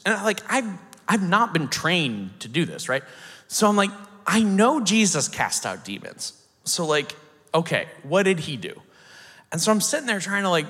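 A man from the United States preaching, telling a story in an animated way, acting out the quotes and laughing now and then. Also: on the high side. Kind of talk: sermon storytelling. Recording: long hall reverb.

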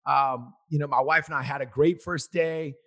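A man in his forties telling a personal story in a casual, rambling way, getting loud and animated as he relives it. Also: a little high, moderate pace.

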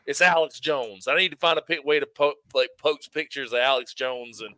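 A man's voice: medium pitch, a little fast, bright, forceful tone, dry recording. A man co-hosting a podcast, chatting casually in a laid-back, rambling way. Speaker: podcast co-host. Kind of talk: casual chat.

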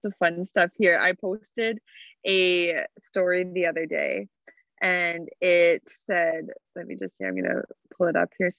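A woman's voice: fairly low pitch, steady tone, unhurried, creaky, fairly bright tone, dry recording, dull audio. A woman co-hosting a podcast, telling stories in a giggly, casual chat. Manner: giggly storyteller. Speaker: podcast co-host.

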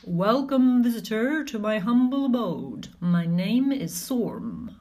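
Cave gremlin, male, small and grey, grins but turns menacing in a storybook reading, voiced by a woman reading aloud. Slightly husky. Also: a little high, sing-song, takes it slowly, exaggerated voice. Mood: welcoming. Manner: quiet spitting threat. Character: grinning grey cave gremlin, friendly turning furious.

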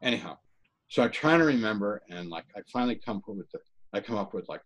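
A man with a fairly low voice recounts a painful story from his own past. He talks earnestly and haltingly, often breaking off and starting his sentences again. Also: expressive, a bit bright, poor audio. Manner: earnest, halting, many restarts. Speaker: interview guest. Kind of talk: personal testimony in conversation.

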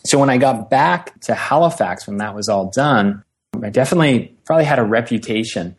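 A young man talking casually as an interview guest, telling his story in a relaxed, conversational way. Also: medium pitch, brisk, slightly rough. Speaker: startup employee guest.

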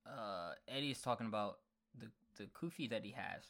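A podcast co-host at mid pitch in relaxed conversation about a film. The speech is halting, with frequent restarts and fillers while recalling scenes. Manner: conversational, halting, searches for words. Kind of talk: casual chat reviewing a film.

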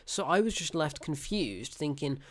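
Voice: medium pitch, expressive, moderate pace. A film reviewer giving a casual, unscripted review, blunt and exasperated, laughing often and correcting themselves mid-sentence. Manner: rambling and unscripted, with self-corrections.

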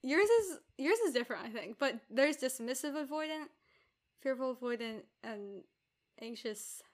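A young woman in casual chat, chatty and opinionated with quick asides. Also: sits high, expressive.

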